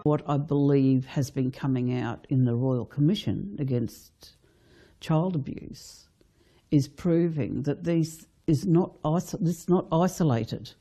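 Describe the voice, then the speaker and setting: A commentator making a slow, deliberate statement in an interview. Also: medium pitch, dark tone.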